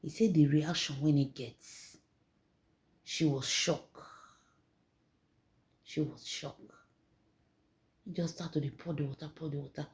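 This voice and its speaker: A woman's voice: deep voice, takes it slowly, long pauses. Nigerian Pidgin woman telling gossip. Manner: animated, repeats words, acts out quotes. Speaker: gossip storyteller. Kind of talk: dramatic retelling in Pidgin.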